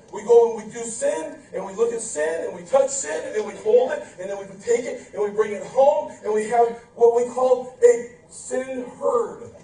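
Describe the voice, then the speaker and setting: A male pastor preaching a lively sermon, playful and animated, acting out quotes, in a church sanctuary. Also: very high-pitched, far from the mic, slight background noise. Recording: roomy church from afar.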